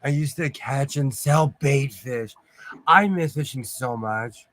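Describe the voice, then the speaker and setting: A man from California hosting a casual livestream chat, talkative and quick to laugh. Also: medium pitch, a bit bright, dry recording. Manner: chatty, laughs often. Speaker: host.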